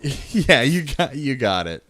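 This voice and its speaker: A man's voice: medium pitch, very animated, unhurried, bright, forceful tone, dry recording. A man with a Long Island accent hosting a casual prank-call stream, rambling, swearing and laughing often.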